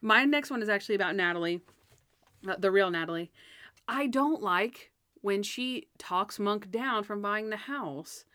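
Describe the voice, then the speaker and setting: Animated woman in a dry close recording. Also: medium pitch, measured pace, clear, resonant tone, dry recording. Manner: animated, acts out scenes in put-on character voices. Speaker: podcast co-host reviewing episodes. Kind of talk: casual chat.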